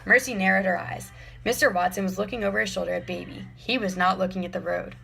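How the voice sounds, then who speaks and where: A woman narrating a children's story in clear, measured scripted narration. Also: medium pitch, fairly even intonation, fairly bright tone, low-quality recording. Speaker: audiobook narrator.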